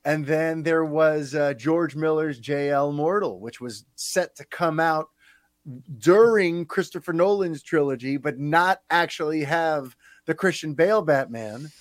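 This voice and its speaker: This podcast host's voice is a little high and unhurried, recorded dry. He chats casually and animatedly, using lots of filler words.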